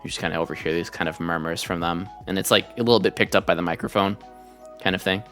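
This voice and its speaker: A man's voice: sits low, fast talker, fairly bright tone, soft background music. A man narrating a tabletop game as game master in a loose, chatty way.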